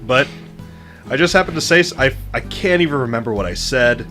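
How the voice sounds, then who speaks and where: A man's voice: mid-range voice, animated, a little fast, bright, forceful tone, soft background music. A man co-hosting a casual gaming podcast, telling long, rambling stories and swearing casually. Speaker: co-host.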